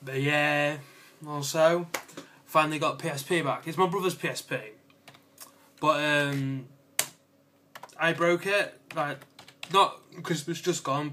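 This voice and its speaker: Excitable young guy vlogging. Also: fairly high pitch, slight background noise. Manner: excitable, giggly, lots of fillers and playful asides. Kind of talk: casual rambling vlog chat.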